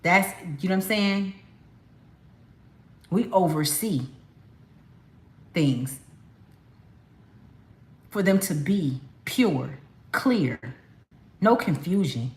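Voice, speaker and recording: A woman's voice: lowish voice, expressive, very slow, long pauses. A woman from California giving a casual spiritual card reading, talking emphatically to her viewers in a chatty, slangy way. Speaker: tarot card reader. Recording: echoey room.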